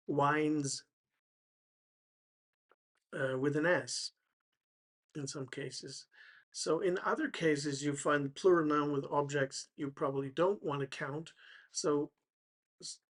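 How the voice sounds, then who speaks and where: A man explaining English grammar to learners, slow and hesitant, with many fillers and restarts. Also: on the high side. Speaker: English teacher.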